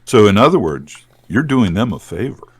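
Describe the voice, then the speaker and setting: Deep-voiced, lively man asking questions. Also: moderate pace, slightly rough, dry recording. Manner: brief affirmations, questioning. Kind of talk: casual tutorial chat.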